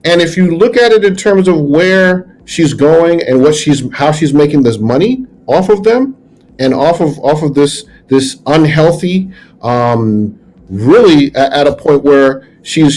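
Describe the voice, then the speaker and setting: Halting middle-aged man, higher voice. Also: expressive, darkish tone. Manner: casual, halting, repeats himself. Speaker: co-host. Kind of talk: reaction commentary.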